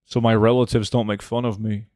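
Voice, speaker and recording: A man, streaming a game and chatting casually with viewers, relaxed and full of fillers. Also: on the low side, brisk, no echo, clean studio sound. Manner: relaxed, answers chat with many fillers. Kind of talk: casual live-stream chat.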